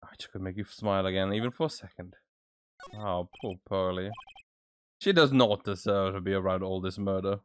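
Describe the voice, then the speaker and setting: A man voicing a low-key young defense lawyer. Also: normal speed, smooth, lightly acted. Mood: musing. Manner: low-key, wry, musing.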